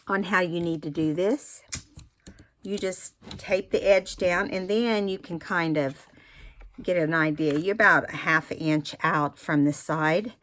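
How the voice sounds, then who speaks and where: A woman's voice: fairly low pitch, a little slow, a bit bright. A woman giving a casual craft tutorial, chatty and explaining each step with fillers and restarts. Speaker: craft instructor.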